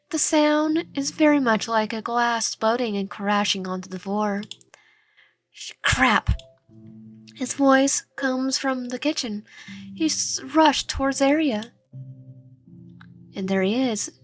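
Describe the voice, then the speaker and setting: A woman reading a dating game's narration aloud with casual asides, often stumbling and correcting herself. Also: on the high side. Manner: stumbling, frequent self-corrections.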